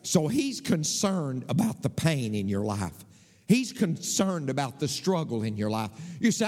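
A man preaching a sermon as pastor, passionate, dropping to low murmurs and climbing to high cries. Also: sing-song, unhurried, darkish tone. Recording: long hall reverb.

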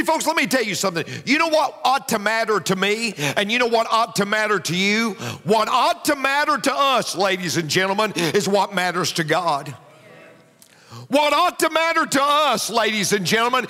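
A man's voice: high-pitched, expressive, moderate pace, sharp tone. A man preaching a sermon as pastor, driving his points home with emphatic repetition. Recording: long hall reverb.

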